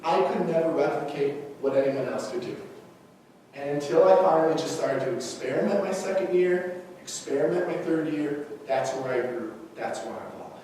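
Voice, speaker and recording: Animated man speaking in echoey hall. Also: on the high side, a little fast. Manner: animated storytelling, acts out quoted dialogue, frequent "okay?" check-ins. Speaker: teacher giving a staff talk. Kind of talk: personal presentation to colleagues. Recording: echoey hall from far off, faint noise.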